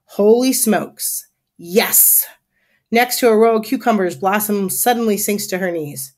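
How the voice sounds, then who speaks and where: Expressive woman reading a storybook aloud. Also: medium pitch, a little fast. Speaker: teacher reading to a class. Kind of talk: reading a children's chapter book aloud.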